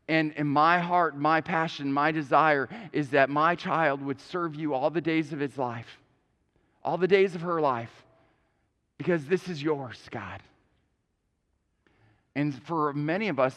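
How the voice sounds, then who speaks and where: Earnest pastor preaching in a reverberant church. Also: male voice, a little high, a little fast, fairly bright tone. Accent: Upper Midwest American. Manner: earnest, repeats words when starting phrases. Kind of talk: sermon. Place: church sanctuary. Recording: long church hall reverb.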